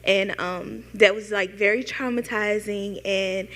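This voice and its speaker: Young woman, near tears, halting and full of fillers, audience question. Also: medium pitch, fairly even intonation, fairly bright tone, long reverb tail. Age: young adult. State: tearful. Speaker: audience member asking a question. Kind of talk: emotional question at a panel event.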